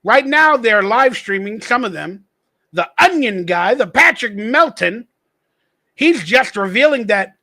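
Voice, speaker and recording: Brash high-voiced man ranting. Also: expressive, measured pace, pushed and bright. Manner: blunt, profane, mocking. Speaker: podcast host. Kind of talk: ranting commentary.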